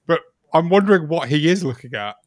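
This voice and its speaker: A man's voice: on the high side, animated, brisk, dry recording. Laughing man hosting chat. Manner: laughs often, chatty and playful. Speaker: host. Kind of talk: casual football podcast chat.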